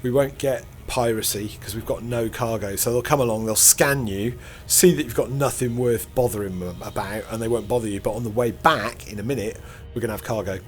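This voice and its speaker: This gaming channel host, a middle-aged man, talks at a brisk clip in a lowish voice while playing a space game. His commentary wanders casually, and he keeps chuckling at himself with self-deprecating humor.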